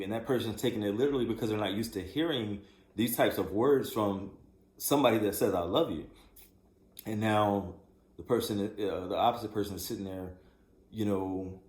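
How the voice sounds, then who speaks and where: Man co-host, low voice, thoughtful and unhurried, reverberant room. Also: a little mellow. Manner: reflective, measured, many fillers. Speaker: podcast co-host. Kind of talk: casual chat about relationships. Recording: echoey room.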